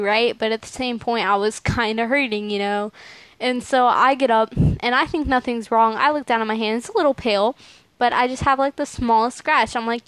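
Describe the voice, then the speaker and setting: A young woman in her teens, telling a personal story in a casual, animated, slangy way with frequent laughs. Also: a little high, clean tone, no echo.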